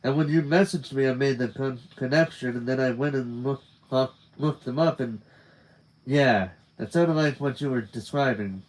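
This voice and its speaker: A man reading as a gentle, wry young male student. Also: mid-range voice, moderate pace, lightly acted, poor audio. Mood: explaining.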